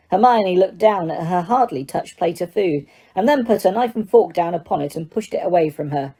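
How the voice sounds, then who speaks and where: A woman narrating an audiobook in a steady reading voice, with the odd stumble. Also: fairly low pitch, moderate pace, hardly any pauses.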